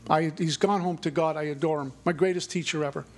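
Talking fast with fairly even intonation, a middle-aged man with a slightly high voice addresses a recovery meeting about his own journey. He's earnest and keeps returning to the same mantra-like lines.

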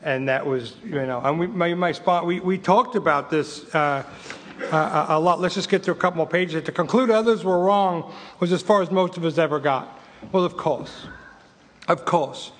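This recovery meeting speaker, a fifty-something man from England, repeats his points with emphasis and a wry sense of humor while reading from a book. His fairly bright, high-ish voice moves at normal speed, with a long reverb tail and slight hiss or hum.

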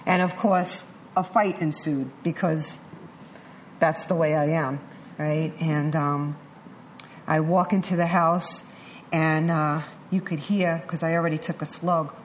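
A woman's voice: low voice, measured pace, a little hiss or hum. A middle-aged woman giving a candid personal testimony to an audience, acting out the voices she quotes. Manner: candid, animated storytelling with acted-out quotes. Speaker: speaker sharing a recovery story.

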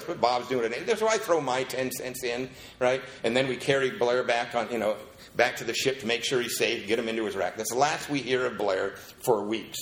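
A man telling a lively story at a recovery meeting and acting out the people in it. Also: medium pitch, brisk, reverberant. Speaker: speaker sharing his story at a recovery meeting.

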